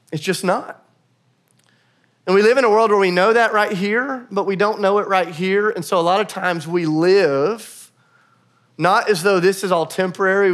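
Pastor guy, high voice, chatty sermon w/ jokey asides at his own expense. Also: fairly bright tone. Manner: conversational, self-deprecating humor, quick asides.

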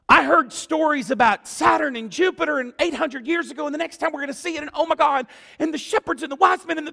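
A man preaching a sermon as pastor, animated and exclamatory, acting out what people say. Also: very high-pitched, fast talker, creaky. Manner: animated, exclamatory, acts out quotes. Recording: long church-hall reverb.

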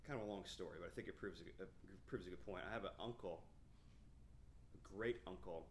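A man's voice: low voice, a little fast, a little hiss or hum. A man in his thirties preaching a verse-by-verse sermon, reading scripture aloud and explaining it conversationally with frequent restarts. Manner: reads scripture aloud with emphasis. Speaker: pastor. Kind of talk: expository sermon.

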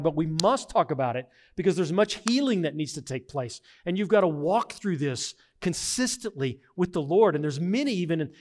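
Middle-aged guy preaching a sermon, kinda high voice, earnest, gets quiet then loud and pushy. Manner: earnest, emphatic, swings from hushed to forceful. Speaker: pastor.

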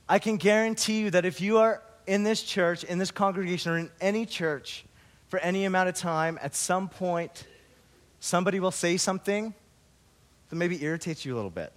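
A man pastor giving a sermon, opening with a story and then preaching slowly and earnestly. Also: high-pitched.

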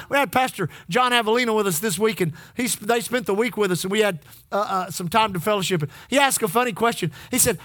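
A man's voice: high-pitched, fast, fairly bright tone, no echo. A male pastor from Texas preaching a sermon, calling for amens from the congregation and repeating lines for emphasis.

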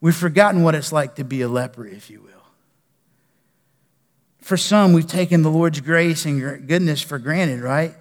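Man, pastor, lively sermon delivery, high voice, echoing church hall. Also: moderate pace, pauses often. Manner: animated, preaching with loud bursts and quiet drops. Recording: long reverb of a large hall.

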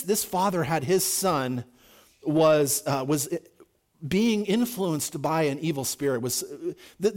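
A man preaching with a voice pitched a touch high. He tells the stories animatedly, jumping between loud, excited lines and hushed, quieter ones as he acts out the people in them. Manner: animated, acts out quoted voices with big swings in pitch and volume. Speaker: pastor. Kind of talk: sermon.

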